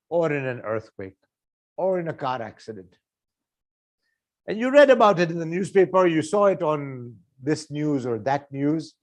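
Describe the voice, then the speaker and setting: A man's voice: high voice, darkish tone. A man preaching a sermon, earnest and full of rhetorical questions, acting out everyday conversations.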